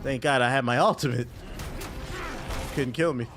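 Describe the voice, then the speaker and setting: A man streaming a game live, commenting as he plays, swinging from low muttering to loud outbursts. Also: normal speed, music in the background. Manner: excitable, swings from muttering to shouting. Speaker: gaming streamer.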